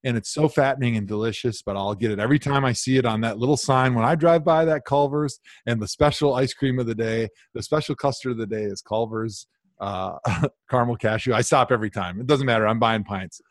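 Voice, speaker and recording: Animated man telling a mock-outraged story. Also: mid-range voice, brisk, dry recording, studio quality. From Wisconsin. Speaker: podcast co-host. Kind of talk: casual podcast chat.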